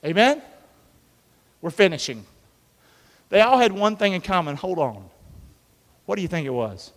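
Male pastor, lively call-and-response sermon, fairly high voice, long hall reverb. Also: measured pace, pauses often. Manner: animated, call-and-response preaching with acted-out biblical voices.

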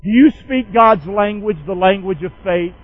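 A man's voice: high voice, normal speed, narrow, tinny audio. A man pastor preaching a sermon in a folksy, call-and-response way, firing questions at the congregation.

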